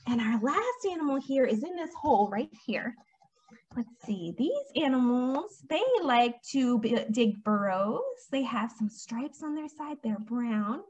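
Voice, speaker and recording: A young woman with a high, bright-pitched voice runs a storytime for toddlers, reading and quizzing in an animated, sing-song manner. She speaks slowly and carefully, and the recording is dull and lo-fi. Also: breathy edge. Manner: animated, sing-song, talking to small children. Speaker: children's librarian. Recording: dull lo-fi sound.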